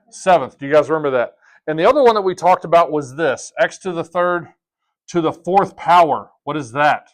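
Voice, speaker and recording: Casual joking male math teacher. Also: on the high side. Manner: casual, joking, asks class questions. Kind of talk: classroom lesson. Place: classroom.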